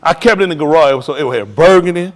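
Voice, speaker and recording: A man's voice: on the high side, rapid-fire, big-room sound. A middle-aged man, a preacher, giving casual advice on a live stream, telling stories in vernacular and laughing as he goes.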